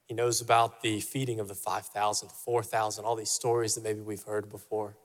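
A man's voice: fairly low pitch, level tone, a little fast, long reverb tail. A male pastor preaching a sermon in a church, emphatic and repeating his key phrases for weight. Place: church sanctuary.

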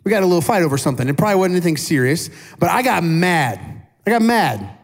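A man in his thirties preaching a sermon in a casual, animated way, asking his congregation questions and poking fun at himself. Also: high voice, quick pace. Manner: self-deprecating humor. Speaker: pastor. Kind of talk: conversational sermon.

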